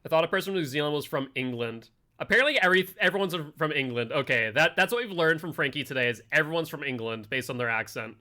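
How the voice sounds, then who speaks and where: A man streaming a game live, chatting casually with his friends and chat, full of "like" and quick asides. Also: on the high side, expressive, bright, forceful tone. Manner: chatty, filler-heavy, talks to chat and friends.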